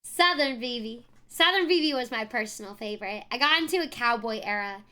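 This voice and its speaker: Bubbly high-voiced woman streamer. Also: expressive, a little fast, sharp tone. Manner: bubbly, effusive, thanks chat by name. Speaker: variety streamer. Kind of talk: casual live-stream chat.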